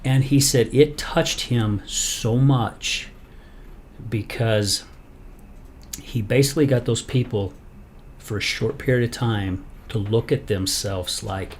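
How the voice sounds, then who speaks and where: A man in casual podcast chat, retelling a story with a lot of energy. He slips into the voices of the people he quotes as he talks. His pitch sits right in the middle. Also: slow pace, a little hiss or hum. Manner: animated storyteller, acts out quoted lines. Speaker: podcast host.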